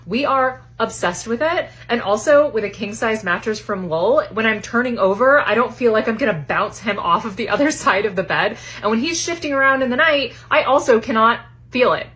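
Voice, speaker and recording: A woman's voice: on the high side, animated, brisk, hardly any pauses, a bit bright. Casting note: woman, upbeat ad read, emphatic. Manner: bubbly, emphatic selling. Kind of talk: mattress advertisement read.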